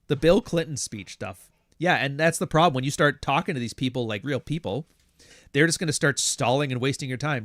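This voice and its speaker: A man's voice: mid-range voice, fairly quick, a bit bright, dry recording, clean studio sound. A man hosting a casual livestream, reading super chats and answering in a blunt, profane, rambling way. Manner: blunt, profane, rambling, acts out other people's voices. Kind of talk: casual live-stream talk.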